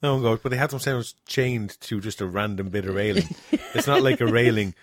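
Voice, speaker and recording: A man in casual chat, talking quickly and repeating his fillers. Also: mid-range voice, dry recording, clean studio sound.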